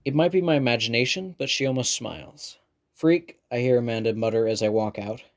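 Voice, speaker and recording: A man reading a first-person novel aloud with steady storytelling delivery. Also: mid-range voice, fast. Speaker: audiobook narrator. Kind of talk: scripted first-person narration.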